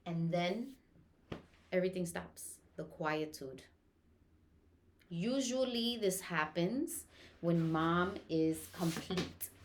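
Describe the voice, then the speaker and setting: A woman's voice: fairly low pitch, slight background noise. A woman who attends births, teaching the stages of labor in an earnest, reassuring way and often checking in with "okay?". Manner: earnest, reassuring, repeats key points with "okay?". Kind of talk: teaching talk on childbirth.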